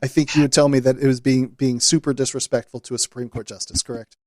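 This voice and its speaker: Here a male podcast co-host chats casually and loosely, leaning on plenty of fillers. He speaks fast at a medium pitch with fairly even intonation, captured on a dry recording.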